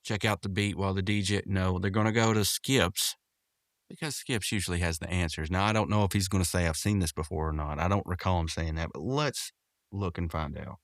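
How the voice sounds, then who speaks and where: A man's voice: low-pitched, fairly quick, no echo, studio quality. A man hosting a podcast, casually recapping a cartoon episode, rambling with lots of fillers and restarts. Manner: rambling, full of fillers and restarts, quotes characters in raised voices.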